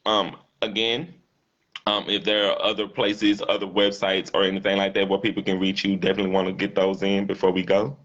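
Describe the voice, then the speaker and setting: A man hosting a casual livestream talk show, thanking his guest and viewers with effusive shout-outs. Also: low-pitched, little pitch movement, brisk. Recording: dull lo-fi sound with faint music.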